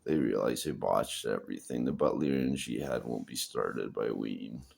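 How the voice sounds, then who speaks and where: A man vlogging a rambling personal monologue, halting, repeating himself and swearing often. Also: rumbling low, vocal fry, darkish tone, breathy edge.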